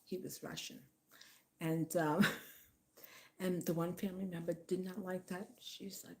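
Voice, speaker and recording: A woman telling family gossip in a casual vlog, chatty and laughing, acting out what others said in lively voices. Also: on the low side, measured pace, long pauses. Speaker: vlogger. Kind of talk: casual storytelling monologue.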